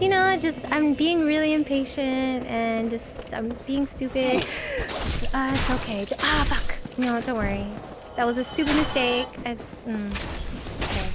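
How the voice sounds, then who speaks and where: A woman's voice: high-pitched, unhurried, over loud music. A woman streaming a game live, chatting to her viewers, yelping and swearing at the game as it goes wrong. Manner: excitable, yelps and swears at the game, chats to viewers. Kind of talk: casual live gameplay commentary.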